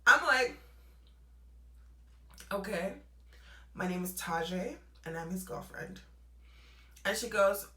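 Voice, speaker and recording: Animated young woman telling a story. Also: mid-range voice, slow, pauses often, roomy sound, low-quality recording. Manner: animated, acts out both sides of phone calls. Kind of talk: casual storytime vlog.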